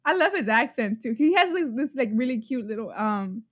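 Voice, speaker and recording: A woman's voice: a little high, lively intonation, moderate pace, no room sound, studio quality. A young woman co-hosting a casual podcast, giggly and nervous, dropping slang as she guesses quiz answers. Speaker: podcast co-host, quiz contestant. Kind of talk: casual chat.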